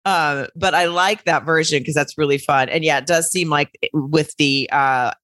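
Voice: medium pitch, fairly even intonation, normal speed, fairly bright tone, dry recording. Enthusiastic laughing podcast co-host. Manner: enthusiastic, laughing, loose and profane. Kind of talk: casual podcast chat.

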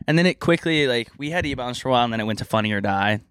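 A man with a mid-pitched voice chats on a podcast and tells stories with animated energy. The recording is dry and close, with no room sound. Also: very fast, smooth, no room sound. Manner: animated storyteller, bursts into loud high impressions. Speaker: podcast co-host. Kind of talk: casual chat.

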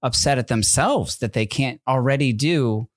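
A man's voice: medium pitch, moderate pace, no echo, clean studio sound. A young man in casual chat, rambling with many restarts and constant "like" and "you know what I mean". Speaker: podcast co-host and father of infant twins.

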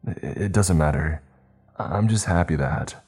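A man's voice: low voice, unhurried, a little mellow, slightly rough, faint music behind. A man voicing an anxious, sweaty young man who pleads and presses with questions while reading a story aloud. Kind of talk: storytelling narration.

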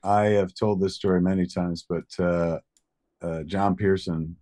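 A man co-hosting a podcast, telling a long story in a rambling, profane, animated way. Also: deep voice, unhurried. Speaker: podcast co-host. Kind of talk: casual storytelling chat.

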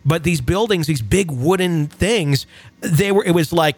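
A man's voice: high-pitched, sing-song, moderate pace. A man from Wisconsin hosting a paranormal podcast, rambling casually with laughs and the odd swear. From Wisconsin, USA. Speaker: podcast host.

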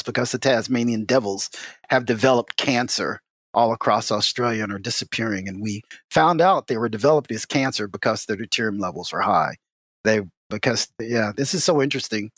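A man speaking as an expert guest in a casual interview, telling stories in an animated way with many "you know" fillers. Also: normal speed, breathy edge, no room sound, studio quality. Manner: lively, swings in pitch. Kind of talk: casual explanatory interview talk.

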